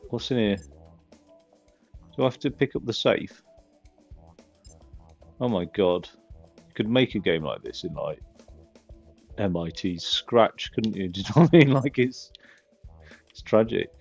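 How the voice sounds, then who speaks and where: A man with a low, gravelly, somewhat husky voice chats through a game, rambling and cracking dry jokes along the way. The recording is dull and lo-fi, with faint music underneath. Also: animated, unhurried, long pauses, a little mellow. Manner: rambling, joking, wry asides. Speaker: gaming video host. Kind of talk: casual gameplay commentary.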